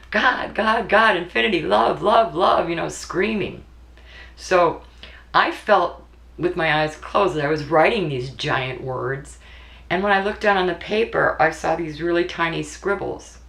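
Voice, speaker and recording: A mother telling a deeply personal story in an earnest, emotional way, often repeating her words. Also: creaky, a bit bright. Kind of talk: personal spoken recollection. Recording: echoey room recording.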